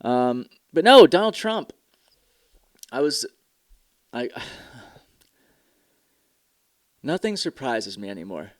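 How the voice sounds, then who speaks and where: A man's voice: mid-range voice, very animated, very slow, long pauses, no room sound, studio quality. Tired, profane young man ranting. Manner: profane, sarcastic, rambling. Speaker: podcast host. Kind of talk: casual solo podcast rant.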